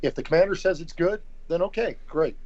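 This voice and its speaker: A middle-aged man, a guest on a podcast, explaining things deliberately and repeating words as he thinks. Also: on the high side, lively intonation, a little mellow. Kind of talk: casual conversation. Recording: slightly dull lo-fi audio.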